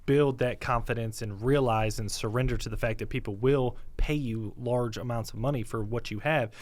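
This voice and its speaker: A man co-hosting a podcast in casual chat, talking in a relaxed, agreeable way. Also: medium pitch, normal speed. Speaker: podcast co-host.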